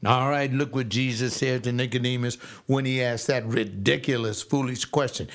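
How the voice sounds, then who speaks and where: An older man teaches from scripture in a loose, fiery way, and his voice sits at an ordinary middle pitch. He scolds his listeners and mimics the people he criticizes. It sounds like an informal sermon, not a church service. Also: steady tone, moderate pace. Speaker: lay preacher.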